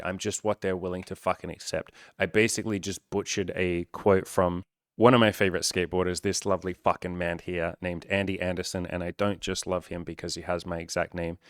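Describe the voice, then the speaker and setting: A man's voice: low-pitched, a bit bright, no echo, studio quality. A young man talking casually to camera as a dating coach, candid and full of swearing and filler words.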